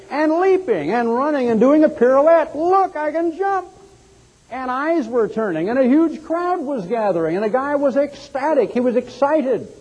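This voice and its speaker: Male preacher, sermon, dramatic storytelling, slightly high voice, echoing hall. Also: dark tone, breathy edge. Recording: long hall reverb.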